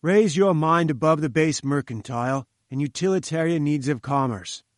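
Imperious old professor, commanding and scornful, raised pitch, man voicing. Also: normal speed, no echo, studio quality, close to an everyday voice. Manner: haughty and commanding. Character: domineering older male scientist, imperious.

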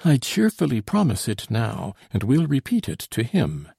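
A man's voice: mid-range voice, wildly swooping pitch, moderate pace, vocal fry, dark tone, husky, no room sound, clean studio sound, exaggerated voice. A man reading an audiobook, voicing a dignified aristocratic father of about fifty who speaks formally and earnestly.

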